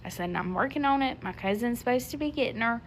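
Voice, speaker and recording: A woman's voice: on the high side, expressive, fast talker, slight background noise. A woman, telling a personal story to camera in a chatty way, with lots of fillers and restarts as she acts out what people said.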